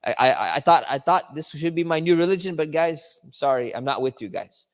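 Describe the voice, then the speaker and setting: A sly ancient prophet, put on by a male lecturer, teasing a crowd of star worshippers with overdone sarcasm. His voice leaps up in exaggerated excitement. The sound carries a long hall reverb. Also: on the high side, brisk, natural voice. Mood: mock dismay. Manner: sarcastic, feigned enthusiasm then feigned disappointment.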